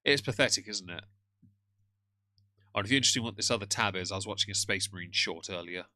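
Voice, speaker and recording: Male streamer, bright tone, jokey banter with chat. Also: fairly low pitch, quick pace, no echo. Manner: greets chat members by name, jokey. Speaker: streamer reacting to a video. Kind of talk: casual live-stream chat.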